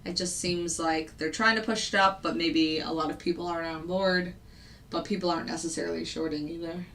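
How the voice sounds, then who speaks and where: Speaking briskly in a steady, fairly bright voice on the low side, a woman who day-trades futures and hosts a channel talks through the markets live over slight background noise. Her casual commentary is full of fillers and the odd laugh, broken up by hiccups.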